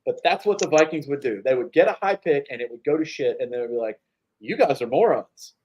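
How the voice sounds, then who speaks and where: A man's voice: medium pitch, lively intonation, quick pace, a little mellow, lo-fi sound. Ranting sports podcast co-host, man. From North Carolina. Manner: emphatic, ranting, swears freely. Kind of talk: casual sports chat.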